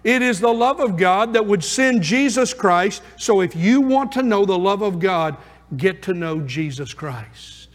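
Preacher, male, high-pitched and fervent; stacks repeated phrases, long hall reverb. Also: lively intonation, measured pace. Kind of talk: sermon.

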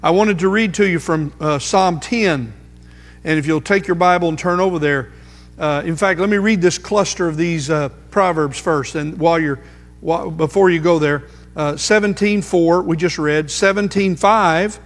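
A man preaching a sermon, emphatic, slowing down to repeat key phrases for weight. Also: on the high side. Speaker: pastor. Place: church sanctuary. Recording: music under voice, long hall reverb.

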